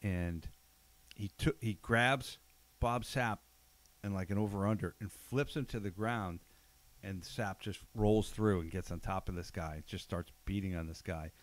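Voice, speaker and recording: Low-voiced man telling fight stories. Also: unhurried. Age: middle-aged. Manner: conversational, storytelling with quoted asides. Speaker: podcast host. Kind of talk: casual chat.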